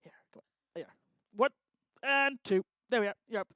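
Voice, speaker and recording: A woman doing lively, teasing crowd work on a live talk stage, speaking into a handheld microphone. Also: on the high side, no echo. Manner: energetic, teasing, bossy and quick to joke. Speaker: stage performer working the crowd.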